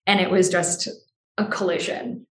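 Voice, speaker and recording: A woman's voice: on the low side, normal speed. A young adult woman from the United States, a podcast guest telling her personal story frankly, with a lot of "like" fillers. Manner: frank, animated, frequent "like" fillers. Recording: roomy echo.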